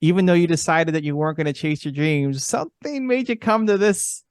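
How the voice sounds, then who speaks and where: Man, fairly high and dry, earnest encouraging motivational pep talk on a video call. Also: a little fast, clear, resonant tone, dry recording. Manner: earnest, encouraging, repeats for emphasis. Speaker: guest speaker.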